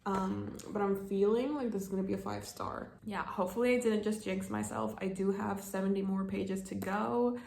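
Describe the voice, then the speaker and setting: A woman's voice: mid-range voice, steady tone, normal speed, gravelly, few pauses, a little mellow. A young woman book vlogger talking casually, tearful and laughing through tears, dramatic about a book. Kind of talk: casual vlog. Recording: roomy echo, faint noise.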